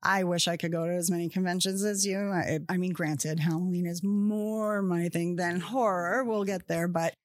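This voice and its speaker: A woman's voice: on the low side, steady tone, normal speed, few pauses, no echo, clean studio sound. A woman chatting casually as a podcast guest, rambling along with lots of fillers and restarts.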